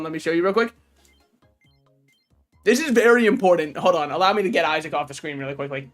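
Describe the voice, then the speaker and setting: A streamer giving casual gaming commentary, joking, swearing freely and talking back to chat and the game's characters. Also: mid-range voice. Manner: talks to chat and game characters.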